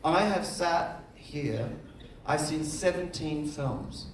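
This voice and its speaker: Animated storytelling man on stage. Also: a little high, slow, slight background noise. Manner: animated storyteller, acts out other voices. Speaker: film director, festival jury head. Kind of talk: on-stage conversation, anecdotal storytelling. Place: festival stage before an audience. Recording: echoey room, mic at a distance.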